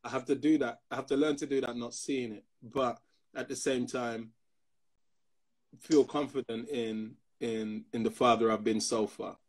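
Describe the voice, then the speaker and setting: A man's voice: mid-range voice, moderate pace. A man in his fifties, a pastor, telling personal stories in a casual discussion and acting out the other people in them. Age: 50s. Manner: animated storyteller who acts out other people's voices.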